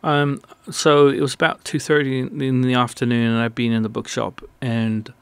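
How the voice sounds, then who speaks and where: A man who is a guest on a radio interview, telling a personal story in an animated, rambling way with many restarts. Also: mid-range voice, normal speed, vocal fry, clear, resonant tone, no room sound.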